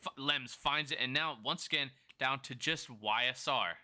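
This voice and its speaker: In a sharp-toned, mid-range voice, a man provides solo play-by-play commentary on a competitive shooter match. He talks fast through a sore throat, correcting himself mid-call and bantering with the live chat between rounds.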